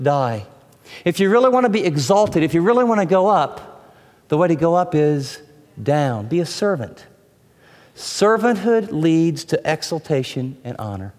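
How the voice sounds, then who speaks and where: A man with a high, light voice delivers a sermon as pastor, building emphatic phrases and then sinking low and soft for the key words. His voice rings out with a long reverb tail, like a large church sanctuary. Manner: emphatic preaching with dramatic drops in pitch and volume.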